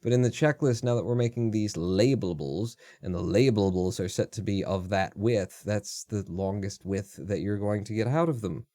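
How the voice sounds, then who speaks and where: A man's voice: fairly low pitch, dark tone, no echo, studio quality. Cursing man muttering through live coding. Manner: mutters and thinks aloud, swears freely, quick exasperated asides. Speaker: live-stream host. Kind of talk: casual live coding commentary.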